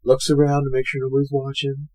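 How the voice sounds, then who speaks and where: A man's voice: medium pitch, completely flat delivery, fast, dark tone. A man co-hosting a podcast, casually retelling a movie scene by scene and swearing freely. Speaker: podcast co-host. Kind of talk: casual movie recap chat.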